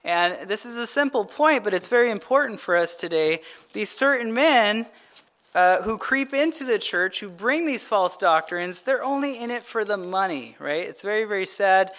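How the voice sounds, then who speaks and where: Guy pastor doing a laid back bible study, animated storytelling, keeps saying right?. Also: sits high, normal speed. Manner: casual, animated retelling with frequent "right?" asides. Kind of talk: conversational Bible teaching.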